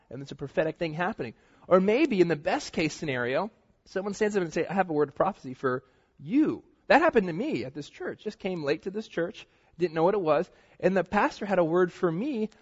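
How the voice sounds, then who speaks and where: A young man preaches in a loose, chatty way, acting out stories and what people say with lively energy. His voice sits a little high and husky. The recording is dull and muffled, with a long hall reverb trailing behind. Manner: animated storytelling, acts out quotes. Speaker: pastor teaching a Bible study. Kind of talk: casual sermon.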